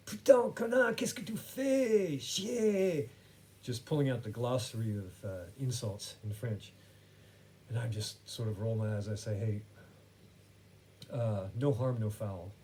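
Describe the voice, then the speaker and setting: A man's voice: fairly low pitch, warm tone, slight background noise. A man hosting a podcast who tells a story in a wry, rambling, self-correcting way. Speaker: podcast host. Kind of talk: casual storytelling monologue.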